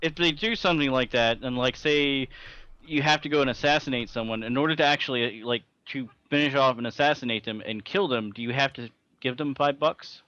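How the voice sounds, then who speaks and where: A man's voice: medium pitch, a little fast, sharp tone, clear, resonant tone, dry recording. A man co-hosting a gaming podcast, dropping sardonic, cynical asides in casual chat. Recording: slightly dull, dry mic.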